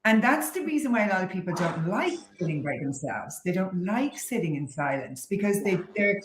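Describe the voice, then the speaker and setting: A woman's voice: on the low side, big pitch swings, brisk, noisy background. A woman guest who teaches meditation talks in a candid, reflective way and laughs easily in a casual interview. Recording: roomy echo.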